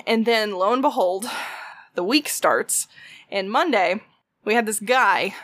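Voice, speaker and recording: A woman's voice: mid-range voice, unhurried, a bit bright, dry recording. A young woman, telling a story in casual chat, swearing freely and acting out quotes.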